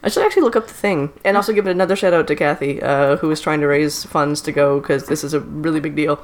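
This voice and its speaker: A woman chatting casually as a podcast co-host while watching a show, blunt and excitable, swearing freely and laughing often. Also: sits low, quick pace. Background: TV show music playing.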